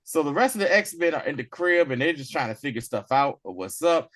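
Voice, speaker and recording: A young man hosting a podcast, recapping an episode in animated, slangy storytelling. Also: a little high, no room sound. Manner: animated, slangy storytelling that slips into quick character voices. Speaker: podcast host.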